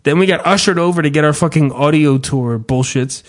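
A man's voice: a little high, fairly quick. A man telling a sarcastic, profanity-laced comedic story in casual podcast chat.

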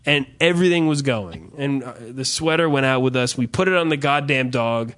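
A man's voice: medium pitch, moderate pace. A man hosting a podcast, telling a rambling, profane comic story in casual chat. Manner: profane, rambling, animated rants. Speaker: podcast host.

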